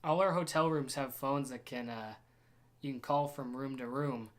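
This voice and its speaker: A man's voice: medium pitch, normal speed. A young man narrating a casual travel vlog from a hotel room, telling rambling, jokey stories. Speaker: vlogger.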